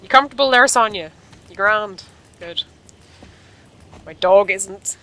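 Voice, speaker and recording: A woman's voice: mid-range voice, a little slow, pushed and bright. Joking woman narrating gameplay. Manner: joking, exclaiming at the screen. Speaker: gaming channel host. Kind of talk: casual gameplay commentary.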